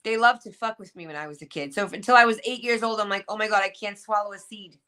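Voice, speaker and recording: A woman's voice: medium pitch, fast talker, sharp tone. A woman talking casually as a panelist, emphatic and joking, often repeating words for effect. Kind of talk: casual podcast chat.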